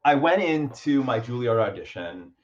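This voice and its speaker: A man's voice: medium pitch, big pitch swings, moderate pace, muffled recording. A man speaking as a guest in a casual interview. He tells a story at length, with many fillers and restarts, and laughs often. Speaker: guest actor.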